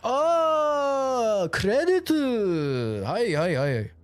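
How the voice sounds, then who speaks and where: A man voicing a baffled, excitable male shop clerk with a Japanese accent, squeaky and exclamatory, repeating words back. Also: very slow, dry recording, full character voice.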